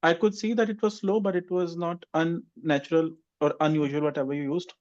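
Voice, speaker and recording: A man's voice: a little high, fairly even intonation, brisk, darkish tone, lo-fi sound. A man teaching an online English exam class and giving chatty, teasing feedback to students. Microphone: video call.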